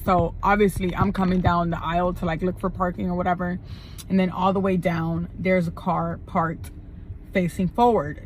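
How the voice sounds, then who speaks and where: A woman's voice: lowish voice, low-quality recording. Swearing woman telling a story while driving. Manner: animated, profane, street slang. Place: inside a moving car. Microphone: phone camera. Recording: car road noise behind.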